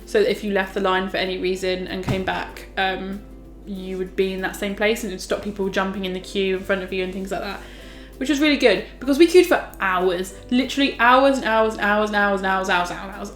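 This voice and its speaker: Young girl rambling through a story for her vlog, lots of likes and ums, roomy echo. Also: medium pitch. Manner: chatty and animated, full of "like" and "um". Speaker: vlogger. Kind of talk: casual storytelling.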